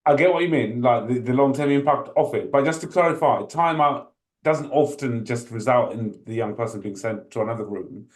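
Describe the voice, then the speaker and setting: A man hosting an interview, clarifying a point with measured follow-up remarks. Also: mid-range voice. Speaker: podcast host. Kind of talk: interview conversation.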